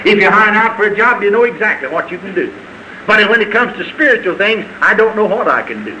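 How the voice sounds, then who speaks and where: A man preaching a sermon in a fervent, folksy style, with sudden high shouts. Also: very animated, fast, rough recording. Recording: archival sermon tape with faint hiss.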